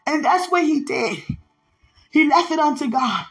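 A woman delivers a podcast sermon, her voice sitting very high and swinging widely as she acts out each character. She tells the Bible story with lively devotional energy. Faint music plays beneath her. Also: unhurried, creaky, poor audio. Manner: animated storytelling, acting out the characters' lines. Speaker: preacher.

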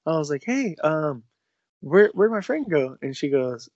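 In a dry recording with the highs cut off, a young man with a slightly high voice talks fairly quickly. Co-hosting a casual podcast chat, he tells a profanity-filled story and performs the dialogue he's quoting.

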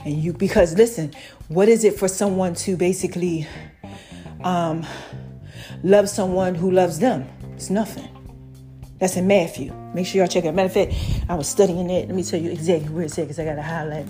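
A woman's voice: lowish voice, fairly even intonation, a little fast, dark tone, faint music behind. A woman giving a playful, casual motivational talk to her viewers, laughing and acting out little voices. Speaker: vlogger.

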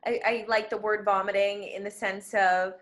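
A woman's voice: medium pitch, flat delivery, moderate pace, fairly bright tone. A woman guest on a podcast, speaking candidly and from the heart about her personal experience. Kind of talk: personal storytelling in conversation.

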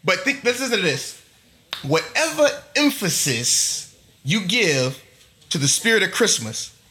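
A man's voice: sits high, pushed and bright. A middle-aged male pastor preaching a sermon to a congregation, emphatic, building long chanted lists. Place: church before a congregation.

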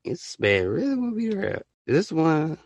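A man's voice: a little high, huge pitch swings. A young man, an amateur podcaster, hesitating and then freestyle rapping over a beat. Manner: hesitant mumbling between takes, then rapid rhyming.

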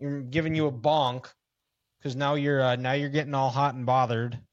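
A man's voice: medium pitch, level tone, normal speed, dry recording. A man hosting a casual podcast, laid-back and teasing with dry quips, also reading the show's wrap-up. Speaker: podcast host. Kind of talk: casual chat. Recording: dull, dry, lo-fi podcast audio.

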